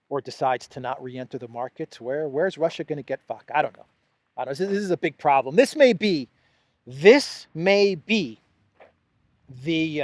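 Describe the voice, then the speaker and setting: A man's voice: medium pitch, dry recording. A man hosting solo political commentary, talking sarcastically with mock enthusiasm and repeated phrases. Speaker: host of a news commentary channel.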